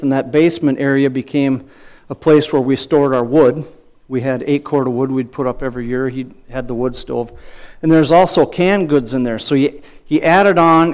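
A man's voice: mid-range voice, smooth. An older man preaching a sermon in a folksy, conversational way, telling a family story and often repeating words as he goes. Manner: storytelling, animated when acting out his father's yelling. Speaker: pastor.

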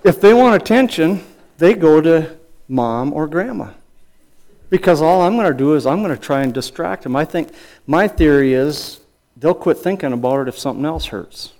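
An older man preaching a sermon in a folksy, conversational way, telling a family story and often repeating words as he goes. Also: fairly high pitch. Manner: storytelling, animated when acting out his father's yelling. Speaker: pastor.

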